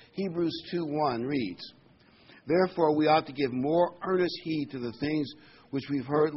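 An older man preaching a sermon, reading scripture aloud and commenting between verses, rising in pitch and volume when he reads the verses. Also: slightly rough. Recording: dull lo-fi sound with faint noise.

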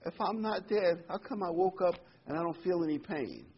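A man's voice: high voice, animated, moderate pace, slightly rough, pitched above the performer's own voice, exaggerated voice. A man playing an elderly woman in her late eighties who keeps insisting, in a joke told during a sermon. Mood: puzzled. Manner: repeats herself insistently. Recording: dull lo-fi recording.

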